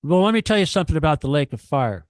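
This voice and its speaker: A man with a slightly high voice lectures a radio audience, swearing often and hammering his points through repetition. He sounds close to the microphone, with almost no room around him. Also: big pitch swings, fast talker, dry recording. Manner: profane, emphatic, preachy, repeats himself. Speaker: guest on a radio talk show. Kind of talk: ranting radio talk.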